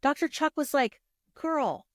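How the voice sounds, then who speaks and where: A woman guest on a podcast, telling stories in a lively, casual way, acting out what people said and swearing freely. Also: on the high side, measured pace, no room sound, clean studio sound. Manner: animated, acts out quoted voices, swears freely. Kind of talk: casual storytelling.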